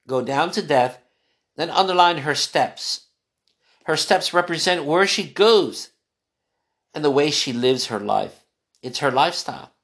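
Bible study teacher; earnest, repetitive delivery, calls the listener son, reads scripture slowly and then unpacks it. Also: mid-range voice, a bit bright. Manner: earnest, repeats key phrases, addresses listener as son.

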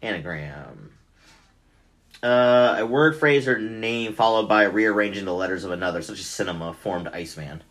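A man's voice: fairly low pitch, lively intonation, normal speed, a bit bright. A young man chatting casually as a podcast guest, telling stories and laughing often. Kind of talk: casual chat.

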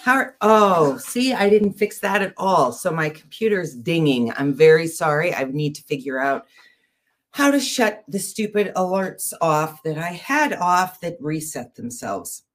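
A middle-aged woman co-hosting a casual talk show, chatty and self-deprecating, also reading a story aloud. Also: measured pace. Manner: chatty, self-deprecating, animated swings in pitch. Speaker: podcast co-host.

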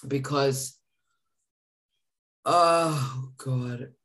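A man's voice: medium pitch, normal speed, fairly bright tone. A man co-hosting a live podcast, talking in an effusive, emotional, gushing way. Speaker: podcast co-host.

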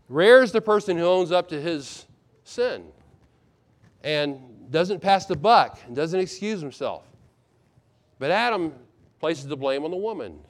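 A middle-aged man preaches from the pulpit in a slightly raised register. He acts out the quoted lines and shifts between forceful emphasis and hushed asides. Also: fairly high pitch, measured pace, long pauses. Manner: expressive preaching, acts out quoted lines with sudden loud and soft turns. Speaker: pastor. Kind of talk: sermon.

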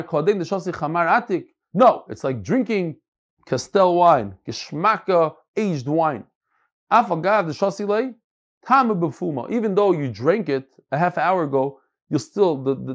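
Male Talmud teacher, lively and swooping delivery, stop-start explaining. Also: on the high side. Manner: animated, repeats words while searching for phrasing. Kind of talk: Talmud class, reading and explaining.

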